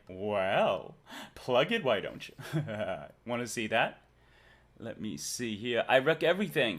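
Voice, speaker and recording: A man's voice: mid-range voice, very animated, slow pace. A man hosting a live stream in casual chat, joking and reading out the chat. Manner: jokey, reads chat aloud, laughs often.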